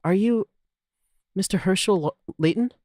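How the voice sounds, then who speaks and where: A woman's voice: mid-range voice, moderate pace, darkish tone, no echo, clean studio sound, voice pushed up, lightly acted. A woman voicing a timid, hesitant young woman in a video game playthrough. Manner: hesitant and polite.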